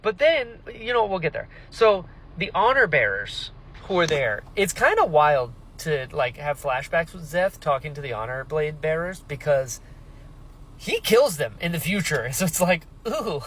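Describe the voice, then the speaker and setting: A man in a casual book reaction vlog, with a fairly high voice that swoops up and down. He reacts to each turn with big emotional outbursts and swears freely as he talks. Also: big pitch swings, normal speed, fairly bright tone, rough recording. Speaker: book reviewer.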